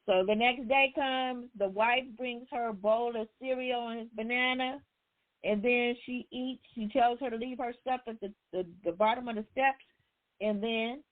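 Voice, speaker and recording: A woman hosting a book discussion, casually retelling a story in with loose, conversational phrasing. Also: fairly high pitch. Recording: tinny phone line.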